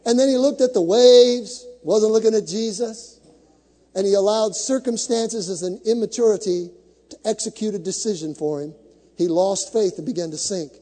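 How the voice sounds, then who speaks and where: A man's voice: sits high, moderate pace, mellow, long reverb tail. A male pastor preaching a sermon to a congregation, with dramatic build-ups, acting out the scripture stories he tells.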